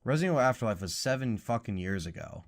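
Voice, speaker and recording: Retelling scenes and mocking the lines, this young co-host of a casual podcast speaks fast in a medium-pitched voice. He's animated and profane.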